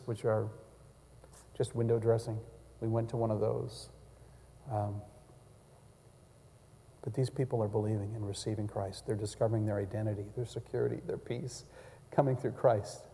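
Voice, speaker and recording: A male pastor preaching a sermon and communion prayer, swinging from loud cries down to hushed near-whispers. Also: medium pitch, in a large hall.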